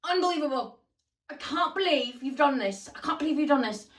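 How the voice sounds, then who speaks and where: A woman's voice: high-pitched, lively intonation, a little fast, echoey room, far from the mic, voice pushed up. A woman voicing an exasperated male British racing driver in a sing-song, overdone complaining tone with an exaggerated put-on British accent.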